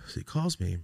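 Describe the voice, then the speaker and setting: A man, casually telling a story as a podcast host, rambling and profane with lots of "like". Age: late 20s.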